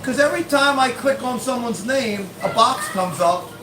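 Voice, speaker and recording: A man's voice: very high voice, normal speed, background noise. A man hosting a casual family livestream, easygoing and upbeat as he chats with viewers. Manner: easygoing, upbeat sign-offs. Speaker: livestream host.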